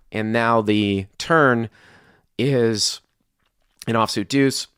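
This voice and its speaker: A man's voice: fairly low pitch, drawn-out words, pauses often, a bit bright, smooth, dry recording, clean studio sound. A male podcast host talking through a poker hand, methodically restating each bet and action. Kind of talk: casual poker discussion.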